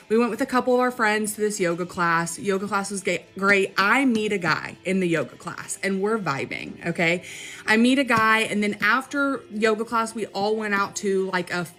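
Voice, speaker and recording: A young woman tells a wild personal story straight to her audience in a casual, chatty way. Her voice is bright and clear, pitched in a middle range for a woman. She keeps checking in with her listener as she goes.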